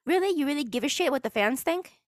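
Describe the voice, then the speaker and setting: A woman's voice: high voice, expressive, fast, dry recording, clean studio sound. A woman hosting a solo podcast, ranting in a sarcastic, exasperated way and swearing freely. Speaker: podcast host.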